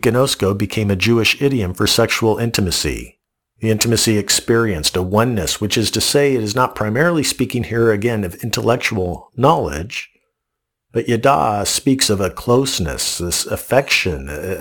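A man's voice: fairly low pitch, animated, normal speed, fairly bright tone. A male pastor giving a reflective, earnest sermon, often repeating words in short restarts.

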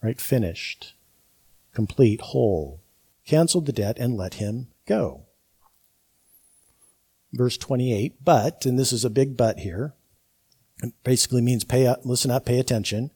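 A man delivers a sermon with a husky, mellow voice. He leans on key words and repeats them for emphasis, building each point step by step. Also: medium pitch, animated, a little slow, long pauses. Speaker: preacher.

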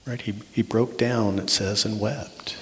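A pastor preaches a sermon earnestly in a fairly low, steady voice at a measured pace. He often restarts words and checks in with "right?". The long reverb of a large hall surrounds him.

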